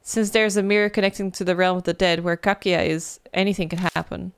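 Woman reading a visual novel aloud, excitable. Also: medium pitch, fairly quick, smooth, no room sound. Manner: animated, bursts into loud exclamations and swearing. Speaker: gaming video creator.

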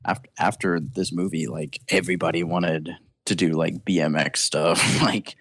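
A man's voice: sits low, steady tone, moderate pace, creaky, a bit bright, breathy edge, no room sound. A young man hosting a casual film podcast, enthusiastic and laughing often as he talks. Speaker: podcast host.

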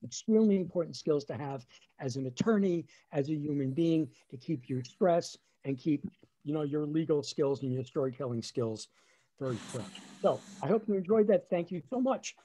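A man's voice: fairly high pitch, normal speed. A middle-aged man with a New Jersey accent, a lawyer and comedian telling funny family stories on a webinar video call. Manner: animated, acts out family voices. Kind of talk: storytelling stand-up on a webinar.

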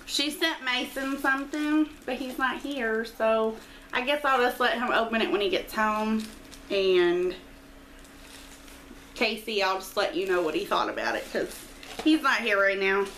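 A middle-aged woman chats and gushes over gifts in a casual home vlog, her voice bright and fairly high. Her talk is loose and excitable, recorded on a camera mic in a quiet house with a faint hiss behind her. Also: unhurried. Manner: chatty and gushing, squeals with excitement. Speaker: vlogger opening a friend's mail package. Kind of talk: casual unboxing chat.

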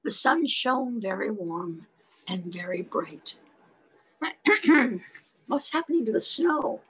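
A woman's voice: on the high side, lively intonation, slow pace, a bit bright, breathy edge. A woman reading a picture book aloud to toddlers, sing-song, stopping to ask them questions. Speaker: children's storyteller.

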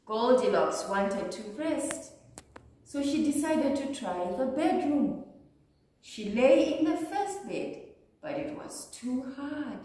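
Slow, animated storybook-reading woman. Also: high-pitched, far from the mic. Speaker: early years teacher. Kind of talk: storybook read-aloud for young children. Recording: echoey room, voice off-mic.

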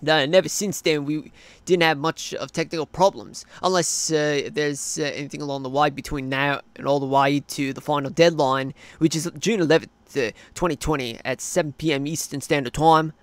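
Man playing a filler-heavy Australian cartoon interviewee, slightly high and smooth, for a hobby cartoon. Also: fairly even intonation, normal speed, dry recording, close to an everyday voice. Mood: rambling. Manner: rambling, full of fillers. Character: rambling male cartoon interviewee, adult.

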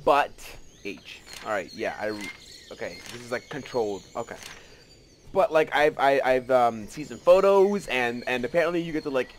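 A man giving casual let's play commentary, excitable and rambling, often gasping and joking at himself. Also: mid-range voice, moderate pace, slight background noise. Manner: excitable, rambling, gasps and self-mocking asides.

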